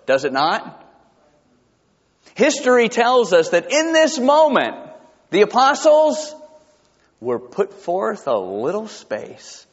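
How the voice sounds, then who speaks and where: A man preaching a sermon as pastor, emphatic and animated, often restarting his sentences. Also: high voice. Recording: dull lo-fi sound with long hall reverb.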